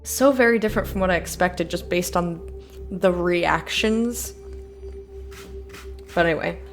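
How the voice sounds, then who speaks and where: A woman's voice: on the low side, a little slow, faint music behind. A young woman streaming a game, reading in-game emails aloud and adding chatty, giggly asides. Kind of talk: let's play commentary, reading game text aloud.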